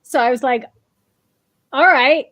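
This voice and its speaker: Woman, high voice, animated storyteller, casual chat, dry close sound. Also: unhurried, no echo. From Massachusetts. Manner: animated storyteller acting out quoted dialogue with laughs. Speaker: founding president of a parent organization.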